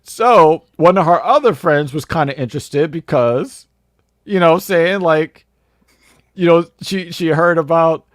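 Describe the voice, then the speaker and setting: A man's voice: on the high side, a little slow, dry recording, clean studio sound. Brash boastful man on a podcast. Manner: brash, boastful, hypes the audience, laughs often. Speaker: podcast co-host. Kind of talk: casual storytelling chat.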